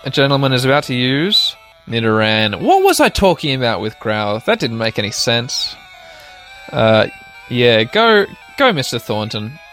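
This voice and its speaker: A man's voice: medium pitch, wildly swooping pitch, moderate pace, a bit bright, faint music behind. A man hosting a podcast while playing a video game, chatty and self-mocking, talking straight to his listeners and laughing often. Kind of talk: casual let's-play commentary.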